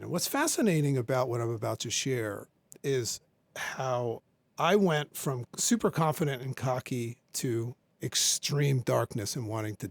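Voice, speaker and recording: With a medium-pitched voice in a dry recording, a man in his forties appears as a podcast guest, emotionally recounting an intense personal experience and performing both sides of past conversations.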